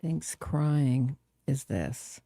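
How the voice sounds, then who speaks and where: A sarcastic woman hosting a true crime stream, talking with open scorn. Her voice is gravelly and dark, and she sits close to the mic in a dry, dead room. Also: extremely low pitch, animated, drawn-out words, no room sound. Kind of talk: live reaction commentary.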